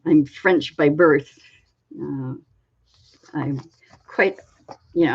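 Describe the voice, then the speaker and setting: A woman from Canada talks slowly and casually as a crafting host, wandering from one thought to the next. A slight frog sits in her throat, and she clears it often. Her fairly low voice comes through a dull, lo-fi recording. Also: a little mellow. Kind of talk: casual rambling chat.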